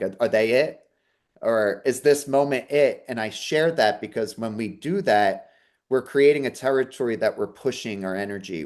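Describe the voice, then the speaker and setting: A man's voice: fairly low pitch, darkish tone. Earnest man telling his story. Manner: earnest, repeats "okay?" to the audience. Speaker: psychic medium. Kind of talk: inspirational talk with personal story.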